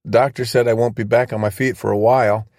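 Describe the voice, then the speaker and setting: A man voicing a wounded young male soldier who cracks jokes and talks excitably. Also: medium pitch, quick pace, no room sound, clean studio sound, voice pushed up, close to an everyday voice. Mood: joking, eager. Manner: wisecracking and excitable.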